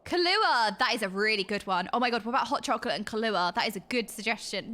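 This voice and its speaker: A woman's voice: on the high side, expressive, fast, hardly any pauses, sharp tone. A young woman streaming a game, chatting and giggling with her viewers. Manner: bubbly, giggly, chatty, reacting to chat. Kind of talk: casual chat with livestream viewers. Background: background music.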